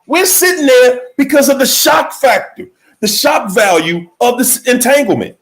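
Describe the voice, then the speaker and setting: A man giving a motivational speech in an emphatic, repetitive preaching cadence, slowing down to stress key words, with faint music behind. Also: extremely high pitch, expressive, a bit bright. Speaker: motivational speaker.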